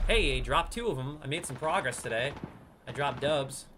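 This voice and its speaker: A man giving casual gameplay commentary as a streamer, excitable, swinging from hushed sneaking talk to loud outbursts. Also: mid-range voice, moderate pace, very noisy. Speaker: gaming streamer.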